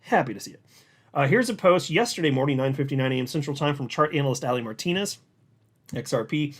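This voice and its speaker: A man hosting a casual commentary show, reading out analysts' posts and reacting to them in an animated way as he talks straight to viewers. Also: mid-range voice, quick pace. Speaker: crypto market commentator, channel host. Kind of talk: casual market commentary to camera.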